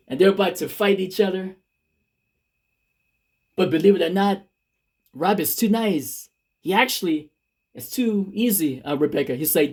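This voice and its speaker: A man's voice: high-pitched, moderate pace, pauses often, darkish tone. A man casually retelling a made-up love story, rambling with restarts.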